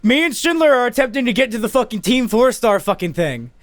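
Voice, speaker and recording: A young man co-hosting a podcast, telling a story in casual, profane chat and bursting into shouts as he acts out his panic. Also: very high-pitched, very animated, a little fast, over music. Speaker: podcast co-host.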